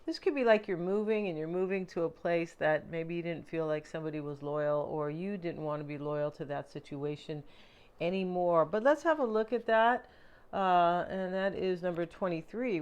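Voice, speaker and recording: A woman's voice: lowish voice, smooth. A woman giving a tarot card reading in a chatty, rambling way, with many fillers and asides. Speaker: tarot reader. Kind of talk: casual tarot reading monologue.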